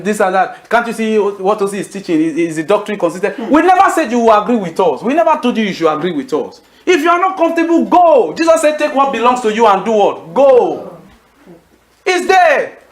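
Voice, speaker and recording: Male preacher, emphatic call-and-response delivery, lively high pitch, roomy hall sound. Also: fairly quick. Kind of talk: sermon. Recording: echoey hall.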